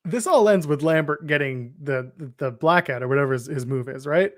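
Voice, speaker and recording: A man chatting casually as a podcast co-host, rambling through wrestling recaps with wry jokes. His voice sits slightly on the high side for a man. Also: animated, fairly quick, dry recording, clean studio sound.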